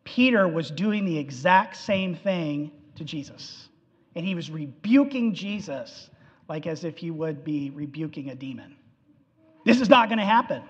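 Animated man preaching a sermon, pretty high voice, echoey hall. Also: unhurried, slightly rough. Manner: animated storytelling, acting out quotes. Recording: echoey hall, dull lo-fi sound.

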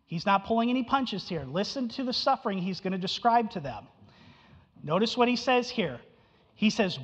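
A man's voice: sits high, expressive, moderate pace, slightly rough. A male preacher teaches emphatically, repeating his key phrases and asking his listeners questions. His voice carries a long echo through a hall. The recording is dull and muffled. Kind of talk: expository sermon.

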